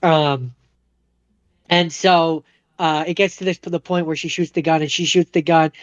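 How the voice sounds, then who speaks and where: Guy rambling thru a movie plot on a podcast, kinda high smooth voice, dry dull mic. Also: steady tone, moderate pace, no echo. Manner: rambling, acts out characters' lines. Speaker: podcast co-host. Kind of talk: casual chat, retelling a movie plot.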